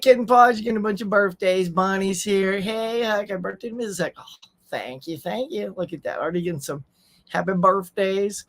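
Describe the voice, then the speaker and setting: A man's voice: high voice, a bit bright. A man hosts a casual morning livestream, talking easily with his viewers. He reads their messages aloud and answers them in a loose, friendly chat, dropping plenty of y'alls. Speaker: host.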